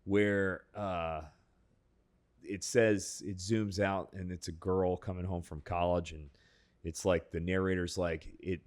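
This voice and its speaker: A man's voice: low-pitched, little pitch movement, slow, darkish tone. A man co-hosting a podcast, blunt and swearing constantly in casual chat. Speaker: podcast co-host.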